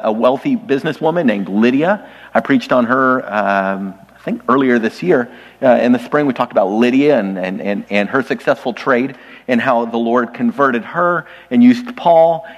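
A man's voice: mid-range voice, long reverb tail, highs cut off. A man preaching a sermon to his congregation, conversational and lightly humorous, often speaking straight to the listeners. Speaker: pastor. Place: church sanctuary.

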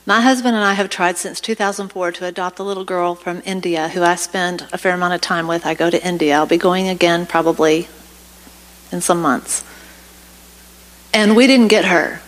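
A woman's voice: lowish voice, steady tone, normal speed, poor audio. A woman speaking as a guest in a church service, telling a personal story and rising into passionate exhortation. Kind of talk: preaching testimony. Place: church sanctuary.

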